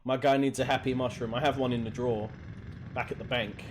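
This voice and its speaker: A man from Hackney in London giving casual, jokey commentary as he plays a video game, often laughing and getting excited. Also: medium pitch, fairly quick, noisy background. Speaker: let's play gamer. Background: game music.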